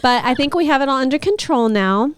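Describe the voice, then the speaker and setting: A woman's voice: high-pitched, animated, brisk, clear, resonant tone, no room sound. A young woman co-hosting a podcast, telling a rambling everyday story in a casual, chatty way. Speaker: podcast co-host. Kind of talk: casual chat.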